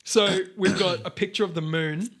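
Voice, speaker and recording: A man's voice: high voice, steady tone, moderate pace, a bit bright. A man with an Australian accent, a podcast host in casual chat, rambling and swearing freely. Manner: rambling, swears casually, stumbles over restarts.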